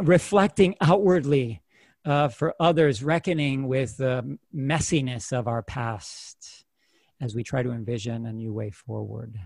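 Animated male storyteller, dry close sound. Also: fairly high pitch, dry recording. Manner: animated storyteller who acts out voices. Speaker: guest. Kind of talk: reflective personal storytelling.

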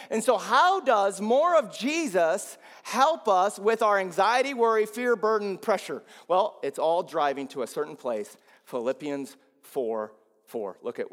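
Preaching man, lively sweeping pitch. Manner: preaching with sweeping rises and drops. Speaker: pastor. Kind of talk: sermon. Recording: long hall reverb.

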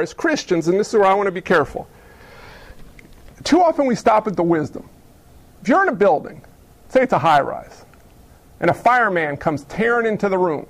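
High-voiced man preaching a folksy sermon. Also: big pitch swings. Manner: folksy and conversational, acting out quick voices. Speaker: pastor.

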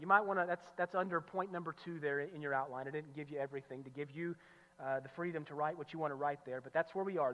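A male pastor preaching an expository sermon, emphatic, repeating key phrases and swinging from loud declarations to low, quiet asides. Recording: muffled sound with long hall reverb.

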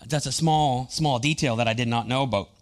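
A man in his thirties delivers a sermon as a pastor, spinning homey personal anecdotes in a chatty, self-mocking way. His pitch sits in an ordinary middle range. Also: fairly quick. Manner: chatty, storytelling, self-deprecating humor.

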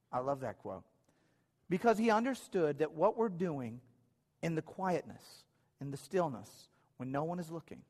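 A man's voice: medium pitch, in a large hall. A man preaching a sermon to his church in a conversational way, often restarting and repeating phrases. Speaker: pastor. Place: church hall.

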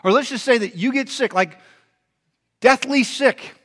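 A man's voice: extremely high pitch, a little slow, fairly bright tone. A man, a pastor, preaching a sermon in a conversational, emphatic way with rhetorical questions.

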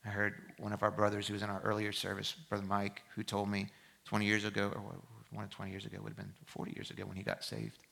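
A male pastor preaching a sermon with a bright, forceful voice. He pushes hard on his exhortations, then drops low and quiet to tell a story. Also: completely flat delivery, fast, gravelly. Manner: impassioned preaching that swings from loud exhortation to quiet reflection. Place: church service.

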